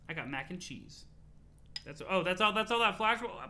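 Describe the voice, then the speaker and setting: A young man reading a webcomic aloud on a live stream, excitable and swearing, switching between hype reactions and dramatic read-alouds. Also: sits high, moderate pace.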